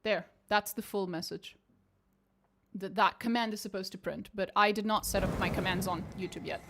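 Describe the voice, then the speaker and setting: A woman's voice: mid-range voice, fairly even intonation, normal speed, a bit bright, slight background noise. Swearing, exasperated young woman streamer. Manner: frustrated, swears freely, chats with viewers. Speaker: game streamer. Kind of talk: casual live-stream chat while playing.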